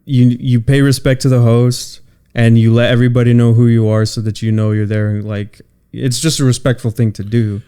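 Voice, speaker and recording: Man, podcast co-host, casual chat, relaxed, reflective, smooth clear voice. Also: medium pitch, brisk. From Southern California. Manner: relaxed, reflective, many fillers.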